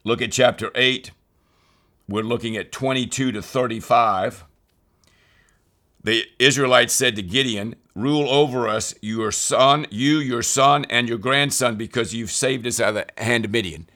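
A man's voice: medium pitch, measured pace, pushed and bright. An earnest man leading a weekly Bible study in a mid-range voice. He talks his listeners through scripture and repeats key phrases for emphasis. When he quotes a passage his voice rises with intensity. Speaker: Bible teacher.

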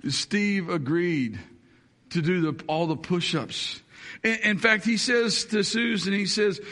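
A man preaching a sermon, telling a story with animated, building tension. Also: sits high, takes it slowly. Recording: long hall reverb.

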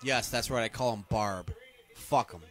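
With faint music behind him, a podcast co-host watches an old wrestling match and rants about it crudely in casual, profane chat. His voice sits at medium pitch and moves at a moderate pace, and his commentary is animated.

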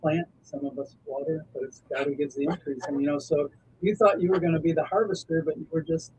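Brief: male faith-radio co-host, somewhat high voice, calm and reflective delivery. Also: slight background noise, rough recording. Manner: measured, reflective, quotes scripture.

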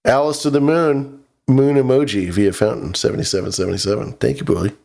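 A man's voice: mid-range voice, steady tone, a little fast, gravelly, a little mellow. A man co-hosting a stream, bantering loosely and cursing freely. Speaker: co-host. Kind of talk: casual chat on a live stream.

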